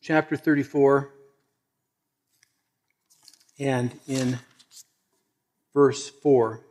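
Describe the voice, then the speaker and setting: A man preaching a sermon, animated, acting out quoted voices and swinging from loud emphasis to hushed, intimate lines. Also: mid-range voice, very slow. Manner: acts out quoted voices conversationally. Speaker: pastor.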